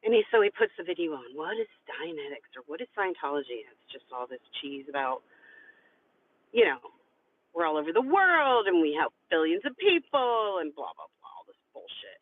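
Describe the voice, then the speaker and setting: A woman's voice: sits low, big pitch swings, moderate pace, slightly rough, narrow, tinny audio. A woman telling a story on a livestream outdoors, out of breath and chatty, acting out the other people's lines as she goes. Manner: chatty, acts out quoted voices. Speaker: live-streamer. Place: outdoors on a hot city street.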